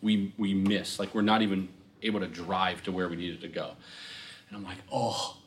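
A man, a pastor, answering a question in an animated storytelling way, acting out the voices of people he quotes. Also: sits low, normal speed. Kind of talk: speaking at a Q&A session.

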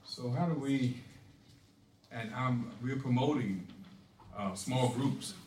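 Male church leader in the audience, halting questions, voice far off in an echoey hall. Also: medium pitch, a little mellow, a little hiss or hum.

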